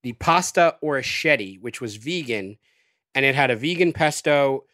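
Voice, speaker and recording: Guy rambling through a casual podcast chat, lots of ums and likes, dry close mic, middle pitch. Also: normal speed, no echo. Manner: relaxed, rambling with many fillers. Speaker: guest.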